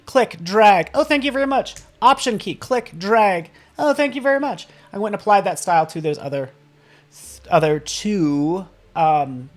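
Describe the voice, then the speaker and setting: Upbeat, playful man teaching design software. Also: sits high. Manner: upbeat and playful, keeps checking in with "right?"; tosses in silly sound effects. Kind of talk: live streamed software tutorial.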